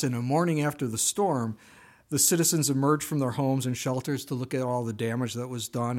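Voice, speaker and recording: A man preaching a sermon, earnest and exhorting, telling stories to make his points. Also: medium pitch. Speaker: pastor.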